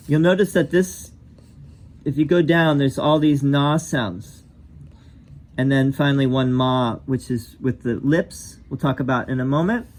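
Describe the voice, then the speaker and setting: A man's voice: medium pitch, unhurried, a little mellow. A man teaching as a yoga teacher, explaining pronunciation patiently, correcting himself and saying each sound aloud.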